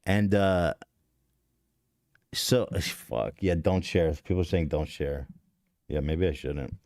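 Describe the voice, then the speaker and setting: Deep-voiced man telling a rambling story. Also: slow, darkish tone, dry recording, studio quality. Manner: rambling, profane, self-interrupting. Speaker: podcast host. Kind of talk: casual confessional storytelling.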